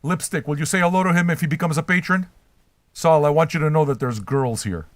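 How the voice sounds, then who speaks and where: An older man hosts a livestream, reacting to his chat in a brash, rambling, trolling way and swearing constantly. His voice sits on the high side and moves briskly, and the recording is dry.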